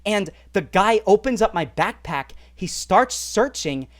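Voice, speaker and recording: A man who is a mobile gaming YouTuber, telling a story in an animated, casual way full of "like" and "right?". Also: high-pitched, a little slow. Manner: animated, lots of fillers like "like" and "right?".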